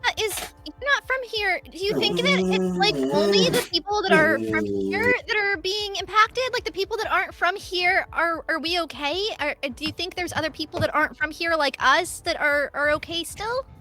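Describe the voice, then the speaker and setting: Woman, tabletop player, earnest, very high voice, clear music behind. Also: big pitch swings, normal speed. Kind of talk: casual tabletop game chat.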